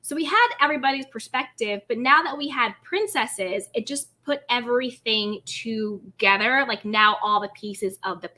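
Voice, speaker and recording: Woman livestream host, high bright voice, gossipy and animated, reads out chat comments. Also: moderate pace, few pauses. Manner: gossipy, animated, greets chat viewers by name.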